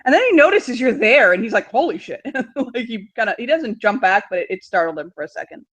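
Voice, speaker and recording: A woman's voice: on the high side, animated, brisk, a bit bright. A woman narrating as game master, giggly and full of fillers.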